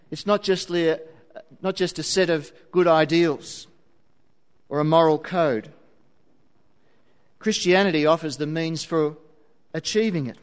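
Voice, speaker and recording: A man preaching a sermon in an earnest, conversational way, asking his listeners rhetorical questions. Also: fairly high pitch. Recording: long reverb of a large hall.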